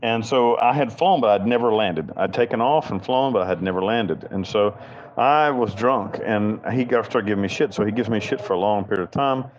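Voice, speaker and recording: A man's voice: lowish voice, fairly quick, dull audio, slight background noise. A man from Western North Carolina, an interview guest telling stories in a rambling, blunt, profane and self-mocking way. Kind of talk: candid storytelling interview.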